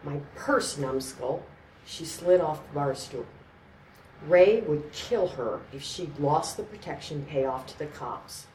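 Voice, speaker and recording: A woman narrating a story in a measured, scripted reading. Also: sits low, dark tone, slight background noise. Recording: roomy, distant mic, faint ambience.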